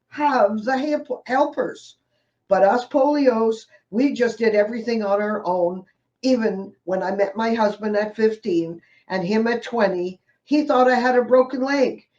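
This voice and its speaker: A woman's voice: mid-range voice, a little mellow. A woman hosting a talk show, speaking in a wry, rhetorical way. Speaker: host. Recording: dull, distant sound.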